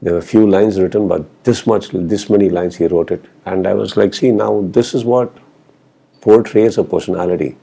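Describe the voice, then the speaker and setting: A man's voice: lowish voice, fairly even intonation, normal speed, gravelly, mellow, husky. A man being interviewed about his film work, telling stories and acting out what people said to him, with Hindi phrases mixed in. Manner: storytelling, acting out quoted exchanges, mixing in Hindi phrases. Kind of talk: casual interview answers.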